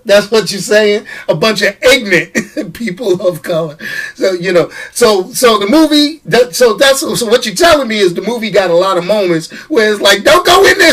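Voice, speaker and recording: A man hosting a casual live show, talking straight to his commenters with quick restarts, repeated phrases and frequent laughter. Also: high voice. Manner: animated, stammering restarts, laughs often, talks to commenters. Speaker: show host. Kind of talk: casual live-stream chat.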